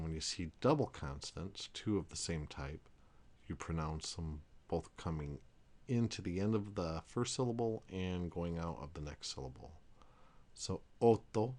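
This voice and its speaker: A man teaching a language lesson, explaining pronunciation rules carefully and repeating each example word. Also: sits low.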